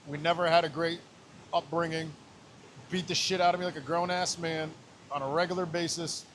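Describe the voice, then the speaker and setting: The recording has a little hiss or hum, and this man's voice is on the high side and a bit bright. In his thirties, he's a podcast guest casually recounting a personal story, raw and emotional, with frequent swearing and scenes replayed in quoted voices.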